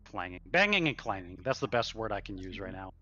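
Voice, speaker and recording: A man narrating a tabletop game as dungeon master, pausing often to search for words, heard over a dull, lo-fi online call. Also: low voice, sing-song, sharp tone.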